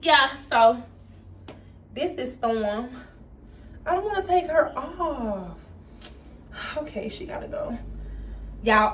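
A woman running a casual try-on haul vlog, gushing, laughing and exclaiming as she shows off wigs in her shop. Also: high-pitched. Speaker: wig shop owner showing stock. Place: indoor shop. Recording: distant mic with faint room noise.

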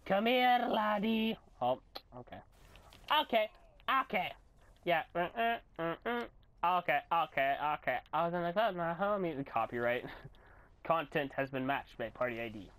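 A young man giving rambling, goofy commentary while recording his own game, often bursting into yells and silly voices. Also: fairly high pitch, lively intonation, normal speed, no echo. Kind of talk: gameplay commentary.

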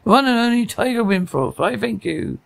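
Brash ring announcer, a man doing the voice: booming, drawn-out calls with a gravelly edge. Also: expressive, no room sound, exaggerated voice. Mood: announcing.

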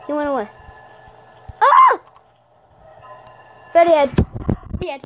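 A woman giving jumpy, exclaiming commentary while playing a horror game, often yelling at the characters. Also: sits high, big pitch swings, measured pace, noisy background. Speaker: gamer.

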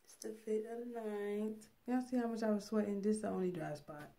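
A woman's voice: medium pitch, steady tone, fairly quick, gravelly, dark tone. Chatty young woman vlogging to camera. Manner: chatty, laughs often, addresses viewers as y'all. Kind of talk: casual vlog chat.

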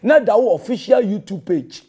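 Man, Ghanaian accent, pastor, confrontational rebuttal, high pitch, warm tone. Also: lively intonation, moderate pace, breathy edge. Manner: scolding, confrontational, mixing in English phrases. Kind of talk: heated public rebuttal.

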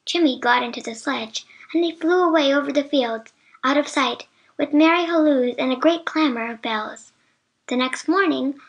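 High-voiced woman reading a storybook. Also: fairly bright tone. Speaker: narrator. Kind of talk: scripted storybook narration.

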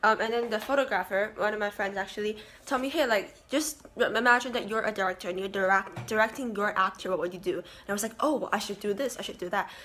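A woman's voice: medium pitch, fast, hardly any pauses, pushed and bright, a little hiss or hum. A young woman chatting casually through her day as a vlogger, upbeat and full of fillers. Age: young adult. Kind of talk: casual vlog chat.

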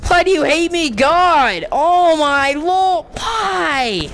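A woman's voice: very high voice, expressive, very slow, a bit bright, slight background noise. Frustrated young woman ranting at a game. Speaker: gamer. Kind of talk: gameplay commentary.

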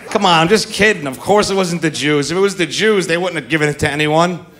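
A man's voice: fairly high pitch, fast, noisy background. A middle-aged man doing a stand-up comedy set on a club stage, brash and profane, baiting the crowd into a handheld mic.

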